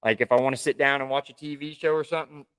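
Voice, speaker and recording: A man's voice: medium pitch, fairly even intonation, racing, a bit bright, smooth. A man co-hosting a casual live stream from home, chatting in an easygoing, rambling way. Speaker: livestream co-host.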